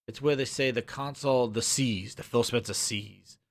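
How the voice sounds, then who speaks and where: A man streaming games, ranting and sarcastic as he reads a web page aloud, muttering low over the text and swearing when he gets worked up. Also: normal speed. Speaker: gaming streamer. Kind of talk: ranting commentary while reading a web page.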